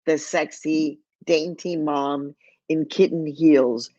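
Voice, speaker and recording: A woman's voice: sits low, fairly even intonation, slow, warm tone, dry recording. A woman from Mexico, an author, reads aloud from her memoir in a vivid storytelling manner and drops in Spanish phrases now and then. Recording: dull, lo-fi, dry.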